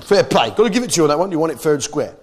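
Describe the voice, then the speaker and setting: A man's voice: a little high, sing-song, rapid-fire. An Englishman doing sweary, mock-patriotic stand-up comedy, with audience laughter behind him. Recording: live show with crowd noise.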